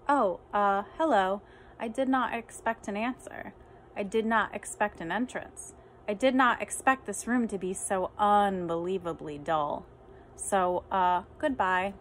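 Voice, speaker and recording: A woman reading humorous poems aloud with deadpan, dry comic timing. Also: medium pitch, unhurried, a little hiss or hum. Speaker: reader.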